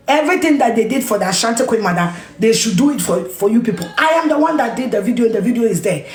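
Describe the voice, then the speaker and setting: Talking fast in a slightly high, expressive voice, a Ghanaian-accented woman rants on camera in a roomy space with faint music behind. The media personality scolds with emphasis, repeats her points, and mixes in Twi and Ga.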